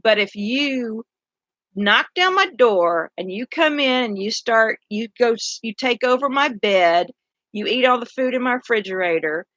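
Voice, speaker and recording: A woman's voice: on the high side, sharp tone. A tired middle-aged woman with a drawl talks through her views in a loose, rambling way, circling back and restarting sentences as she goes. The sound is dull and lo-fi, with a dry, close feel and no room echo. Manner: rambling and earnest, many restarts. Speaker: city council candidate. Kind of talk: casual monologue.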